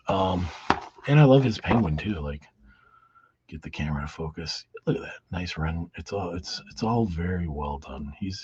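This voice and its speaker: A man's voice: deep voice, slight background noise. A man casually reviewing comic books in a rambling, profane way with many restarts. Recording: dull lo-fi sound.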